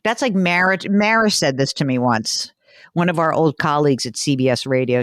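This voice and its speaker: Lively chatty woman host. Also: sits low, fairly quick, no room sound, clean studio sound. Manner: chatty, animated storytelling with laughs. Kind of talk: casual chat.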